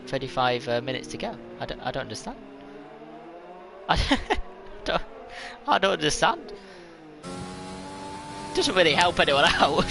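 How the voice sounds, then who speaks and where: A man giving live, chatty commentary on a sim race, rambling and laughing at himself. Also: a little high.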